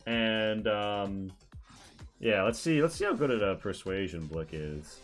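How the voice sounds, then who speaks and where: Low-voiced male game master. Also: expressive, faint music behind. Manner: casual, halting with many fillers. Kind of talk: narrating a tabletop game.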